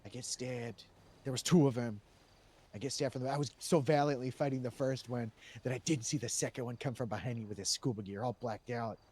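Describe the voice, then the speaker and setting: A man speaking in character as a police officer, telling a long story in an animated way and raising his voice when he quotes people. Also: mid-range voice, brisk, slightly rough. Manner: animated, raises voice when quoting others. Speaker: role-play player as police officer. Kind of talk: in-character role-play storytelling.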